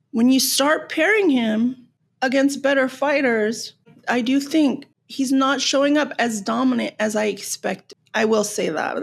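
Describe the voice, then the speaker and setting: A woman from Los Angeles hosting a podcast, ranting in an animated, sarcastic way and swearing freely. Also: on the high side, vocal fry. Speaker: podcast host. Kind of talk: casual rant.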